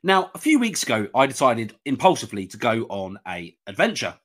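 This is a man narrating a travel vlog in a husky voice with a lively, up-and-down pitch. He rambles casually and repeats himself as he goes, and he sounds like a voice-over recorded away from the places shown. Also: brisk. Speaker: travel vlogger.

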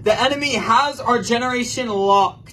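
A man preaching a sermon, earnest and prayerful, swinging from loud bursts to hushed near-whispers. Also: very high voice, normal speed, slight background noise, poor audio.

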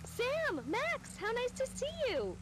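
An actress voicing an eager woman tabloid publisher with a bright, salesy delivery. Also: extremely high pitch, wildly swooping pitch, slow pace, very noisy, heavily acted.

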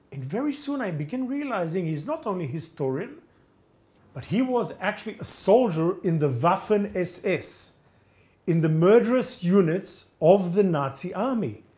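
A man lecturing as a gripping storyteller, his fairly high voice swooping up and down as he acts out each exchange. He delivers the tale in the first person with a theatrical flair. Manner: animated, acts out dialogue with shifting voices.

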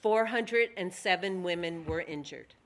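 Slow-speaking woman author giving a talk. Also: on the low side, slight background noise. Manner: slow, measured, reading aloud. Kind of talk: lecture with read-aloud passages. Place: museum library talk.

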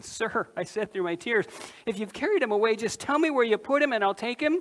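A man's voice: extremely high pitch, lively intonation, a little fast. A man preaching a dramatic first-person monologue, voicing Mary of Magdalene, a woman disciple who tells her story straight to the listeners and asks them questions. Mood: awestruck.

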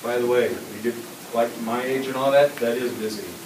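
A middle-aged man giving an energetic, interactive presentation to a school class, often asking the children questions. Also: medium pitch, normal speed. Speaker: guest presenter. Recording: echoey classroom taped from far off with noise.

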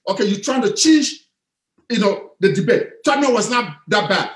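A man's voice: high-pitched, big pitch swings, moderate pace, roomy sound, crowd noise. A man in a heated debate as a guest, insistent and interrupting, repeating his points again and again.

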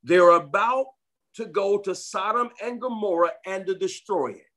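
A pastor preaches a sermon in a high, pushed, bright voice at a moderate pace. He reads scripture aloud, interrupting with emphatic comments and repeating phrases for stress.

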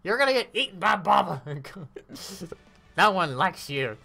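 A woman giving casual commentary on her mobile game summons, animated and cursing at bad pulls. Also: medium pitch, unhurried, vocal fry, soft background music. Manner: animated, groaning, swears.

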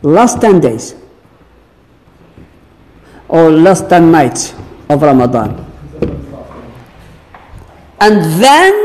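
Male lecturer addressing a congregation; slow, emphatic rhetorical questioning; echoey hall recording. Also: fairly high pitch, very animated, a little mellow. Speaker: Islamic teacher. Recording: long reverb of a large hall.

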